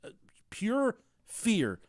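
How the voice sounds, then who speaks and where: A man in his thirties chats on a podcast, swearing freely as he spins crude family stories. His voice sits a bit high for a man. The studio sound is dry and close. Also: wildly swooping pitch, very slow, no echo. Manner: profane, storytelling, mimics family members. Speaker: podcast co-host. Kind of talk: crude casual chat.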